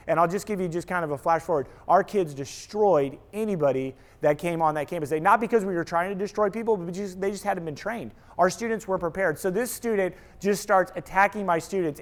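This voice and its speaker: A man speaking to a live audience, telling stories and acting out quoted lines in an energetic talk. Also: high-pitched. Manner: animated storytelling, acts out quoted voices. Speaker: speaker, apologetics teacher.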